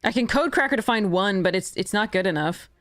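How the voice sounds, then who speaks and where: A woman's voice: medium pitch, lively intonation, fairly quick, fairly bright tone. A woman streaming a card game, thinking aloud, swearing and frustrated, with faint music behind. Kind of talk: live game commentary.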